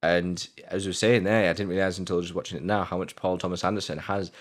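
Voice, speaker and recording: A British man hosting a film review, talking in a very low voice. He gushes over scenes and swears freely in relaxed chat. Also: fast. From Britain. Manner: effusive, swears often.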